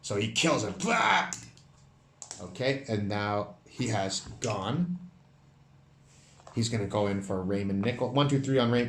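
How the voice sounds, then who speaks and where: A man running and narrating a solo tabletop game, counting dice rolls out loud in an animated way. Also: on the low side, reverberant, slight background noise. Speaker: solo game master and player.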